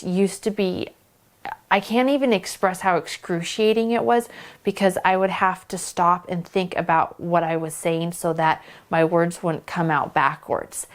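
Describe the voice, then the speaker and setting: Young woman vlogging her own story, kinda halting n emotional, lots of ums. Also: mid-range voice. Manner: halting and emotional, with pauses and fillers. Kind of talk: personal story told to camera.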